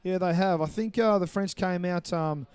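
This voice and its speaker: A man giving live play-by-play commentary on a match, brisk and explanatory, walking listeners through the referee's calls. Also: high-pitched, a little mellow, clear, resonant tone, dry recording. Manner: brisk, explanatory, apologetic over names.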